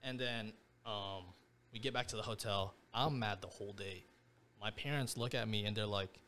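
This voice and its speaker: A man's voice: fairly low pitch, fairly even intonation, moderate pace, a bit bright, a little hiss or hum. A man in his twenties, a podcast guest, telling a personal story in casual slang, leaning on "bro" and "like".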